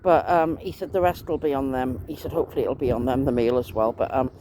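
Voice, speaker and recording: Talking fast in a rumbling low, mellow voice, this woman vlogger drifts through a rambling monologue, aggrieved and sprinkling in mild curses. A faint background noise lingers.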